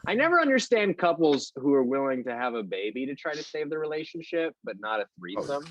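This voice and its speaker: A man in his twenties doing a stand-up set with a deadpan, throwaway delivery. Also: on the high side, fairly quick, muffled recording. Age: 20s. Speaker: stand-up comedian.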